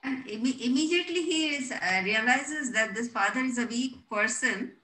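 A woman's voice: a little high, expressive, normal speed, bright, forceful tone, echoey room, poor audio. A woman in a book club discussion, speaking hesitantly and trailing off.

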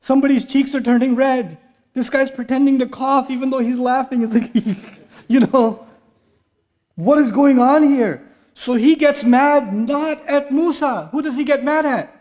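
A middle-aged man gives a talk to a live audience in a large mosque hall. His voice sits fairly high, and he tells his stories in an animated way, slipping in jokes and laughs as he goes. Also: measured pace. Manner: animated storytelling with humor and laughs. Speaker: speaker giving an Islamic talk. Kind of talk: lively lecture to a live audience.

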